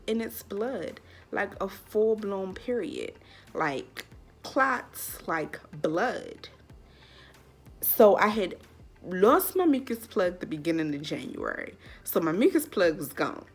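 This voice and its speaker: A young woman vlogger telling a personal story in a casual, candid way, full of "like". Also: mid-range voice. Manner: chatty, lots of "like", candid.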